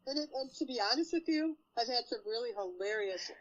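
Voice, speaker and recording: A woman's voice: fairly high pitch, lively intonation, brisk. Bubbly woman with a muffled sound. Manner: bubbly, upbeat storyteller. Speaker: podcast co-host. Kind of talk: casual chat.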